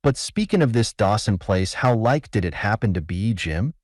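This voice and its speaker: A man voicing rough male gold prospectors who talk in a testy folksy frontier dialect. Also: on the low side, expressive, moderate pace, a little mellow, no echo, clean studio sound.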